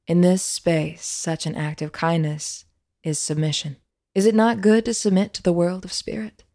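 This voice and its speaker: A woman voicing a tall, calm, snake-headed male spirit who teaches in a quiet, measured way. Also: on the low side, natural voice. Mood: calm, wise.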